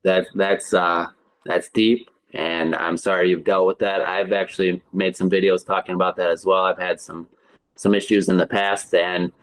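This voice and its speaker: A man hosting an interview for language learners, speaking in a measured, encouraging way. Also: low-pitched, little pitch movement, poor audio. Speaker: host and English teacher.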